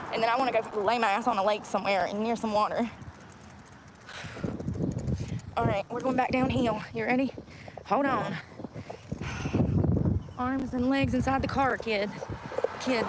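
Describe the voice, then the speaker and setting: Speaking a little slowly and pausing often, she delivers a fairly high-pitched, profane rant to the camera. The vlog is shot outdoors by a road, with clear traffic noise behind her.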